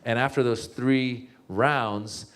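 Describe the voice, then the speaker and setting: A man, a comedian speaking as a guest, telling stories in a casual talk, full of restarts, fillers and sudden jumps in pitch when he acts out his own thoughts. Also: fairly even intonation, slow, a bit bright. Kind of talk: storytelling talk.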